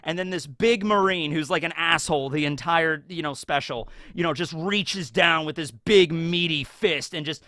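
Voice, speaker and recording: A man talking casually as a YouTuber about an anime special. He is excitable, rambling, and full of fillers and tag questions. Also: fairly high pitch, normal speed, hardly any pauses, no echo.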